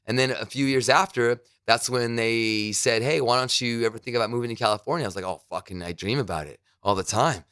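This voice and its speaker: Guy telling rambling stories w/ swears on a podcast, mid pitch, dead dry studio sound. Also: fast talker, hardly any pauses, fairly bright tone, clear, resonant tone, no echo. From New Jersey. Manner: loose storytelling with swearing and quoted asides. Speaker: podcast guest, radio host. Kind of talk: casual interview chat. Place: his broadcast studio.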